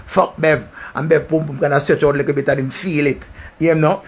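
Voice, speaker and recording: A man's voice: a little high, fairly even intonation, fairly quick, slightly rough. Jamaican man, profane rambling storyteller. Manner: crude and profane, heavy patois. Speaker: vlogger.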